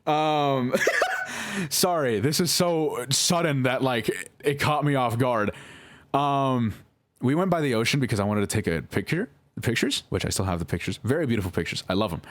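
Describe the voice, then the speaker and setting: A young man telling his side of a story in a halting, emotional monologue, swearing and correcting himself as he goes. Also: mid-range voice, animated. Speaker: vlogger responding to accusations.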